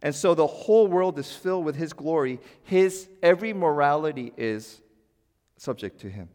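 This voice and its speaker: A male pastor delivering a sermon, swinging between forceful emphasis and hushed, quiet passages. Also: a little high, animated, normal speed, big-room sound. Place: church.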